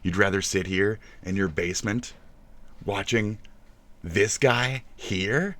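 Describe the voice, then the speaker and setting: Man, streamer, deep voice, bright forceful tone, profane ranting reaction. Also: slow. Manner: crude ranting, mocking and swearing.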